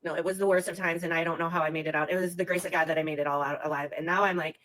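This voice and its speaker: A woman's voice: deep voice, steady tone, very fast, fairly bright tone, low-quality recording. A woman in a confessional social video, rambling, swearing and restarting as she talks about her mistakes.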